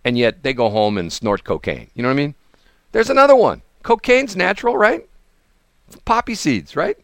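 Man, radio host, casual on-air chat, rambling restarts, lively pitch swings, dry studio sound. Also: moderate pace, gravelly, no echo. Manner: rambling, animated, many restarts and asides.

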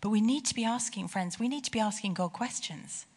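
A middle-aged woman delivers a sermon in an animated, conversational way, pushing up on key phrases. Her voice sits at a medium pitch. A long reverb hangs behind her, as in a large church hall. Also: a little fast, slightly rough. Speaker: preacher. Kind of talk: sermon with personal stories.

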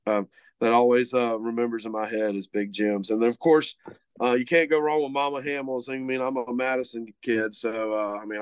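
A man's voice: on the low side, smooth, no echo. A man co-hosting a casual chat, rambling with lots of fillers and restarts. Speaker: co-host, meat market owner.

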